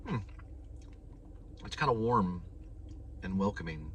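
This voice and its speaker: A man's voice: deep voice, animated, takes it slowly. A man who drives food deliveries, rambling casually and talking while he chews, from a parked car. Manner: rambling, talks while chewing. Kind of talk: casual eating vlog. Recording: distant, noisy car recording.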